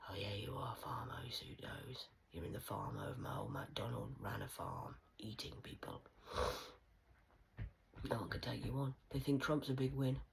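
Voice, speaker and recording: A woman rambling through a stream-of-consciousness monologue, punning and swearing, swinging between hushed whispers and loud outbursts. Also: extremely low pitch, gravelly, a little hiss or hum, low-quality recording. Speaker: vlogger.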